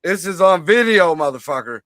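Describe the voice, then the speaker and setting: A man co-hosting a podcast in casual chat, ranting profanely with halting restarts. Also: sits high, expressive, fairly bright tone, dry recording. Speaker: podcast co-host.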